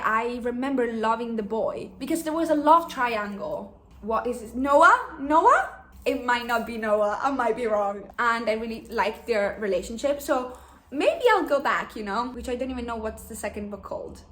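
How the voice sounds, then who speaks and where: Young woman, raised pitch, chatty and rambling, roomy echo. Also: fairly bright tone. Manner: chatty and rambling, many "like" fillers, laughs often. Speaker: book vlogger. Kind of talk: casual chat.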